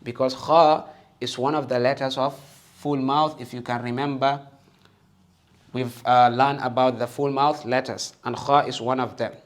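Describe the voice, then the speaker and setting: A man teaching the Arabic alphabet and Quran reading, patient and encouraging, often checking with "okay?" and sounding out each letter loudly for listeners to repeat. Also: medium pitch, steady tone, normal speed. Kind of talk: slow patient alphabet lesson with call-and-repeat.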